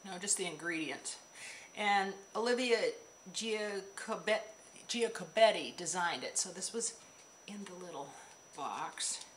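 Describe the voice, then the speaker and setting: A woman's voice: mid-range voice, animated, slow, a little hiss or hum, low-quality recording. A woman vlogger chatting casually to the camera, rambling with asides while she shows small items. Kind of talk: casual chat.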